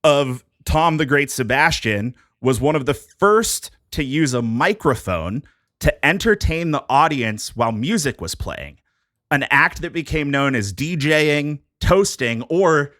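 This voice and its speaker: Bright-voiced man presenting prepared history notes. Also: mid-range voice, expressive, measured pace, no echo, clean studio sound. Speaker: podcast host presenting a history topic. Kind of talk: casual podcast chat, reading prepared notes.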